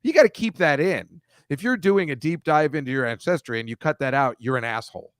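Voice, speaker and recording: A man in casual podcast chat, an animated storyteller who mocks voices and makes quick asides. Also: on the high side, dry recording, clean studio sound.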